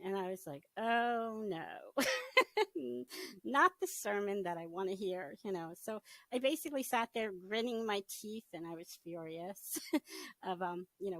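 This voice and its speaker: A middle-aged woman giving a personal testimony in an interview, telling her story in a casual, animated way and often laughing as she acts out her past thoughts. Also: lowish voice, no room sound, low-quality recording. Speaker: interview guest.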